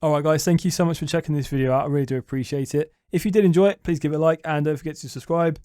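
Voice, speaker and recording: A man's voice: fairly high pitch, fairly even intonation, rapid-fire, dark tone, smooth, dry recording, clean studio sound. A young man chatting casually through a movie review, rambling and hesitant with lots of restarts.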